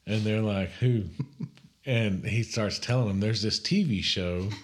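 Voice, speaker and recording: A man co-hosting a podcast, telling stories in a lively, casual way and laughing often. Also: on the low side, measured pace. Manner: animated storyteller, laughs often. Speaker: podcast co-host. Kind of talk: casual chat.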